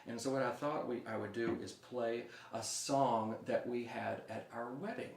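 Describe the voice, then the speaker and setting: A man's voice: mid-range voice, fairly even intonation, moderate pace, creaky, a little mellow. Young guy doing a kids music lesson at home, upbeat, roomy echo. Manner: upbeat, talks to kids, leads call-and-response. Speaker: music teacher for children. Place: room at home. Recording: echoey room.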